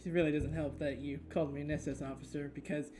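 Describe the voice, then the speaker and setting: A woman playing a tabletop game, describing her character hesitantly, with frequent pauses and giggles. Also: sits low, little pitch movement, dark tone, faint music behind. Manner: hesitant, giggly, many ums. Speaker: player.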